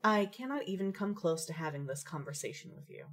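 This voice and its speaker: A woman's voice: lowish voice, expressive, a little fast, a bit bright. A woman playing an aloof, witty young woman gamer who talks in dry, elaborate phrases. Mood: arch. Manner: arch, dry, elaborate wordplay.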